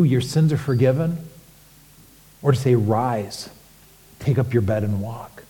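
A man preaching a sermon as pastor, animated and rhetorical, with sudden emphatic rises. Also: on the high side, in a large hall.

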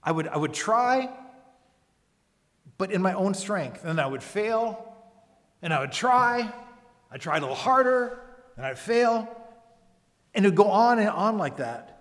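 A man's voice: high-pitched, sing-song, unhurried, long pauses, a bit bright. Earnest man preaching in a reverberant hall. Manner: earnest, emphatic preaching with rhetorical questions. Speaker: pastor. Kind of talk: sermon. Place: church service.

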